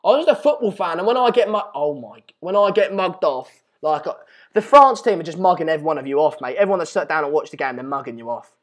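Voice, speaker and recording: Ranting football stream host. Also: male voice, a little high, animated, fast talker, fairly bright tone. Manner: ranting, exasperated, repeats himself. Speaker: live match chat host. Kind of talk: live-streamed football chat.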